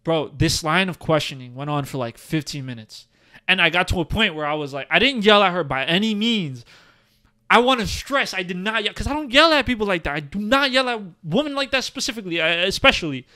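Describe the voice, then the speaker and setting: Young male podcast co-host, clear tone, slightly higher register, animated casual storyteller. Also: brisk. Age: young adult. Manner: animated storytelling, heavy use of "like" and "bro". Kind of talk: casual chat. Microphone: studio podcast mic, seated.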